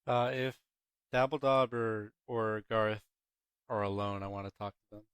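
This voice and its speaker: A man's voice: lowish voice, fairly even intonation, measured pace, clear, resonant tone, dry recording. A man playing in a tabletop game, speaking hesitantly and thinking aloud. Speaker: player.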